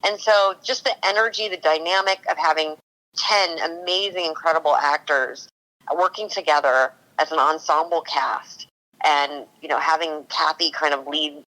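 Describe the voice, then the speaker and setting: Bright-voiced woman, enthusiastic storyteller. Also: low voice, moderate pace, rough recording. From California. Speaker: cannabis consultant for a TV series. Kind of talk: casual podcast interview.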